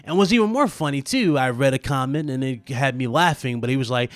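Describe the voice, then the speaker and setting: A man's voice: mid-range voice, a little fast, no echo, clean studio sound. A man hosting his own gaming channel, talking casually and animatedly straight to his viewers, with plenty of asides and fillers. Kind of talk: casual gaming commentary vlog.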